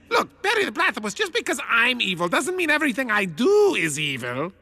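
Melodramatic cartoon villain, nasal and gravelly, high and lively, music underneath. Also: male voice, a little fast, heavily acted. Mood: indignant. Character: scheming evil male scientist, theatrical and whiny. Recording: cartoon soundtrack with music behind.

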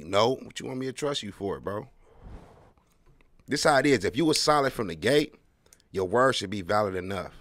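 A podcast host delivers a solo monologue with brisk delivery and a medium-pitched voice that swings widely in pitch. He rambles in slang, tells stories in a wry, emphatic way, and keeps tacking on "bro." There is no room sound.

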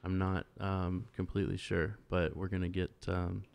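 A man's voice: low voice, level tone, normal speed, gravelly, darkish tone. A man hosting a casual podcast, talking frankly and joking loosely. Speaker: podcast host.

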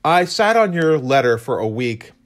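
An illustrator co-hosting a live painting stream chats as he works, rambling and poking fun at himself. His mid-range voice swings widely in pitch at a moderate pace.

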